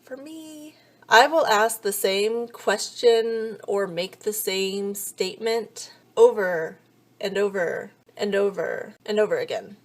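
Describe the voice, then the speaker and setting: A woman's voice: mid-range voice, lively intonation, slow pace. A woman in her thirties vlogging, telling funny stories in a chatty, sarcastic way, swearing freely and acting out both sides of each conversation. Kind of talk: casual comedic storytelling.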